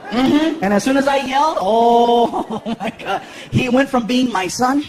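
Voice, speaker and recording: A man telling a stand-up story on a theater stage, his voice pitched very high and bouncing all over the place. Loud laughter from a big crowd rolls around him in an echoey live room. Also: unhurried. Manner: animated, acts out characters with high squeaky voices. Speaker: stand-up comedian. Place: large theater stage before a laughing audience.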